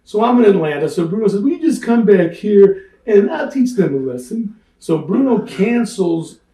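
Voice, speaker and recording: A wrestling veteran, guesting on a storytelling shoot interview, spins tales with plenty of energy at a moderate pace, his voice a bit high for a man. He acts out the voices of the people he quotes and laughs along the way. He sounds somewhat distant from the mic, with noticeable room echo.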